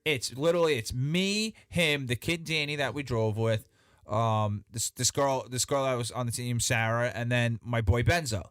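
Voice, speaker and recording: A man telling a story as a podcast guest in casual chat, animated and profane, with many restarts. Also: medium pitch, moderate pace, smooth, no echo, studio quality.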